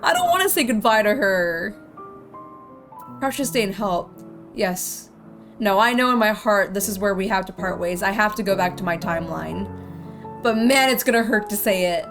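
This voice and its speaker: A woman's voice: medium pitch, lively intonation, normal speed, a bit bright. A young woman streamer giving casual commentary on a game, emotional and gushing, rambling with restarts. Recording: game audio with music behind.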